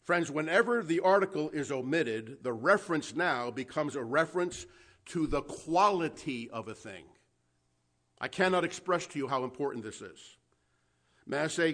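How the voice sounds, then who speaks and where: A man's voice: a little high, expressive, a little slow, fairly bright tone. A man preaching an expository sermon, teaching a Bible text with emphasis, stretching out key words and asking his listeners questions.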